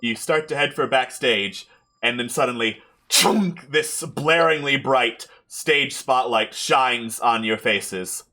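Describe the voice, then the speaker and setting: A man narrating as game master of a tabletop game, relaxed with frequent fillers. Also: medium pitch, takes it slowly.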